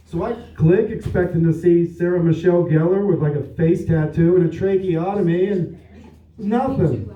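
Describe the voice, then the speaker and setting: A man's voice: high-pitched, moderate pace, mellow. Dry-voiced male comic in an echoey room. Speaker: stand-up comedian. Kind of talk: stand-up set. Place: comedy stage at a winery. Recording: echoey room, distant dull mic.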